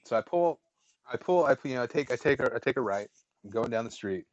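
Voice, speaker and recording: A man's voice: medium pitch, fast, no room sound, dull audio. A man telling a long story as a podcast co-host, rambling with restarts and fillers. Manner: rambling, many restarts and fillers, animated retellings. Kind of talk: casual storytelling.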